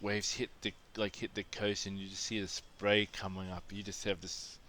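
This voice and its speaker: A man's voice: low voice, flat delivery, normal speed, sharp tone, slight background noise. A man from Australia telling a rambling personal anecdote as a casual monologue, with frequent restarts and asides.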